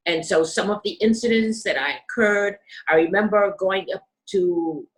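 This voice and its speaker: Older woman recounting her life, measured. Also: medium pitch, poor audio. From United States. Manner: measured, careful storytelling, acting out voices in quotes. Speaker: interview guest. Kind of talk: telling her life story.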